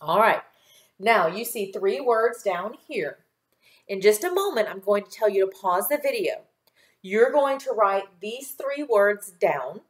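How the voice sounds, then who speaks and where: A woman teaching a recorded phonics lesson to children, patient and encouraging, stretching words out slowly and clearly as she models them. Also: mid-range voice, lively intonation. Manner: slow, clear enunciation with drawn-out model words. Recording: echoey room.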